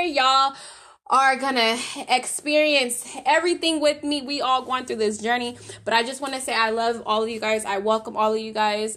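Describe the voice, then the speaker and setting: A woman with a fairly high voice chats loosely to her podcast listeners, leaning into a playful country drawl full of y'all. Her talk is casual and rambling, with easy laughs between thoughts, as she encourages and blesses her listeners. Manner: ends in a soft spoken prayer. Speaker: podcast host. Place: at her workplace.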